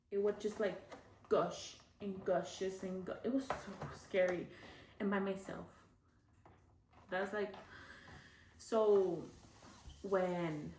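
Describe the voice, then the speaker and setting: A woman's voice: medium pitch, noisy background. A young woman telling a personal story in a casual vlog, chatty and full of fillers. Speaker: vlogger. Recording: echoey room from a far mic.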